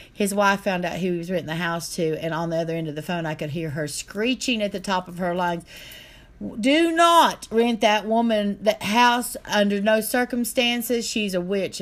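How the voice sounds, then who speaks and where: A middle-aged woman, telling a painful story in an earnest, aggrieved way. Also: fairly low pitch. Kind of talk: casual chat.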